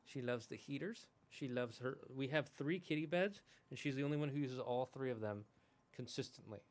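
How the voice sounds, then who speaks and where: A man's voice: medium pitch, normal speed. A man streaming a game, chatting in a casual, rambling way and talking affectionately to his cat. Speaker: gaming streamer. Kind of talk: casual chat.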